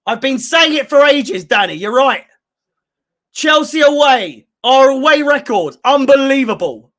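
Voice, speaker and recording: A man with a very high, bright voice and an unhurried delivery hosts a live football watchalong for fellow fans. he calls each pass and shot as it happens and peppers his reactions with plenty of swearing. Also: animated. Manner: play-by-play calls mixed with heavy swearing. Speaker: fan channel host. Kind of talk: live match watchalong commentary.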